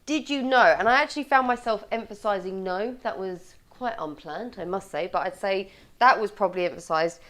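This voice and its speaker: A woman presenting a communication tips video as a coach, with lively delivery and clearly stressed words. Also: medium pitch, brisk.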